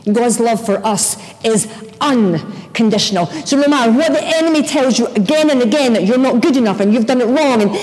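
A middle-aged woman preaching a sermon, telling personal stories in an animated way and acting out her own shouts. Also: high-pitched, in a large hall, low-quality recording.

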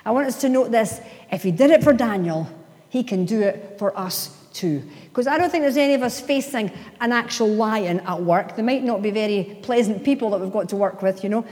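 A woman pastor preaching an emphatic sermon, with playful asides and slow, stressed phrases. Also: on the high side, darkish tone. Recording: long hall reverb.

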